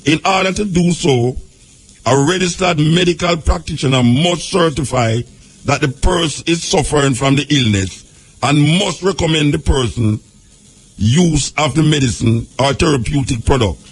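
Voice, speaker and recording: Husky Jamaican man reading a law. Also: on the high side, moderate pace. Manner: switches between formal reading and loose patois asides. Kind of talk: reading a law aloud with commentary.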